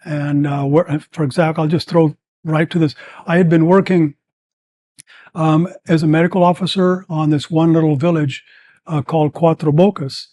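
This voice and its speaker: An older man in his seventies tells long stories as a podcast guest. He rambles with plenty of fillers but stays animated, in a voice that sits a bit high for a man. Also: normal speed, no echo. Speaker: guest, former combat medic. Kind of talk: storytelling in a podcast interview.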